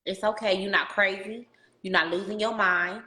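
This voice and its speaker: A woman hosting a casual podcast interview, telling stories in an animated, slangy way and talking to listeners as "y'all". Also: mid-range voice, moderate pace, roomy sound. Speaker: podcast host.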